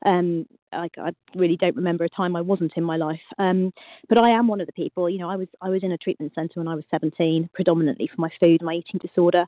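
A woman's voice: fairly low pitch, steady tone, quick pace, no room sound. Reflective English woman, thin dry line. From England, UK. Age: 40s. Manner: reflective, hesitant, many "um"s. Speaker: meeting member sharing. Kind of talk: casual sharing at a recovery meeting. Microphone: video call. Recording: dry tinny phone-like line.

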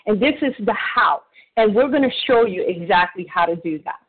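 A man sharing earnestly at a recovery meeting by phone, halting often with restarts and fillers. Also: high-pitched, lively intonation, breathy edge. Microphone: phone call. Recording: phone-line audio.

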